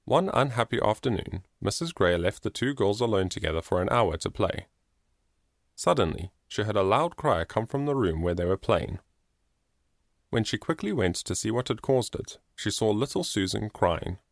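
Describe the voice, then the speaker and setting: A man narrating an audiobook in an expressive storytelling manner. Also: lowish voice, moderate pace, creaky, no room sound, clean studio sound. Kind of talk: scripted narration.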